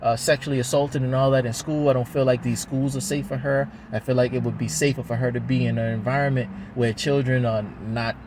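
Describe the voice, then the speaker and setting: Man, mid-pitch voice, heated rambling vlog rant, recorded outside with faint traffic noise. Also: steady tone, fairly quick, few pauses. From Baltimore, USA. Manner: heated, rambling, repetitive, swears often. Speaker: father talking to camera. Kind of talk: emotional venting monologue.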